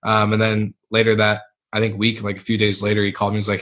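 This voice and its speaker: Young male guest with a lowish voice, relaxed, rambling storyteller. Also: fast. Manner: laid-back, rambling with many fillers. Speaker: podcast guest. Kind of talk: candid storytelling interview.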